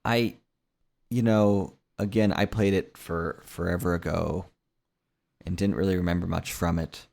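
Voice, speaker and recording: A man's voice: sits low, fairly even intonation, unhurried, creaky, a little mellow. A man in a casual podcast conversation, talking hesitantly and searching for words. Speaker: podcast co-host.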